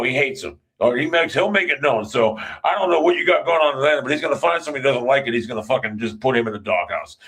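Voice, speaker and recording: Man, sports rant, blunt, swears, repeats himself, mid-pitched voice. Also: fairly bright tone, low-quality recording. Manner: blunt, profane, repeats himself, talks straight to fans. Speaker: football commentator.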